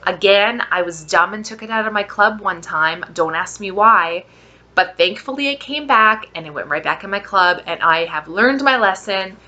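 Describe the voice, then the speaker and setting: A woman vlogger giving a casual product review, gushing with drawn-out exclamations and soft whispered asides. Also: mid-range voice, expressive, muffled recording.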